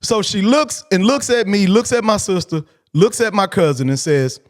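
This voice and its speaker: High-voiced man telling a blunt story. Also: normal speed. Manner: profane, blunt and animated. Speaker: podcast host. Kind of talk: casual storytelling.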